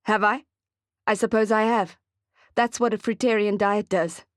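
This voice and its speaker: A woman reading the part of a calm, soft-spoken, spiritually detached man in a measured way. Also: medium pitch, no echo, clean studio sound, close to an everyday voice. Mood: serene.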